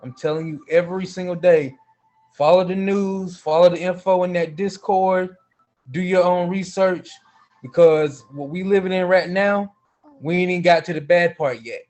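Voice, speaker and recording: A man's voice: high-pitched, fairly even intonation, normal speed, a little mellow, soft background music. A man speaking up as a group member on a casual livestream, earnest and emphatic, repeating his key points.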